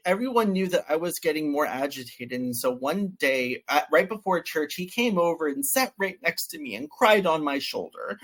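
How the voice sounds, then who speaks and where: A man speaking as an interview guest, recounting a story in a relaxed, chatty way. He slips into other people's voices to act out their lines, which keeps his telling animated. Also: a little high, moderate pace, hardly any pauses. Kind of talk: casual storytelling.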